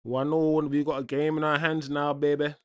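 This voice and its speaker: A man's voice: fairly high pitch, level tone, normal speed, smooth. A man hosting a football watchalong, reacting live with indignant, casual slang.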